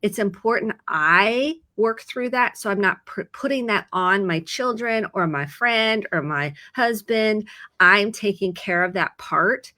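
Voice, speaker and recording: A woman's voice: mid-range voice, a little slow, bright, forceful tone, no echo. A woman therapist with a Midwestern American accent, explaining mental health in an earnest, casual chat full of examples.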